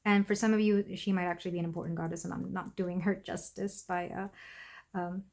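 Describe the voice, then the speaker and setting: Young woman, tarot reader, gentle chatty delivery full of ums and asides. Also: fairly low pitch, flat delivery, fairly quick, creaky. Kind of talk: casual pick-a-card tarot reading.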